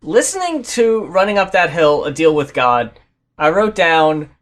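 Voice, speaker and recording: A man's voice: a little high, sing-song, unhurried. A man co-hosting a casual album review, emphatic and profane, gushing about songs. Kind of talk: casual chat.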